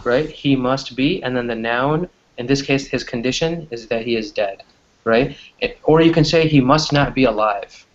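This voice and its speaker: A man's voice: mid-range voice, moderate pace. Chatty male English teacher on a call. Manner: chatty, keeps asking "right?". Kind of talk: online English class. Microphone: video call. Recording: dull lo-fi video-call audio.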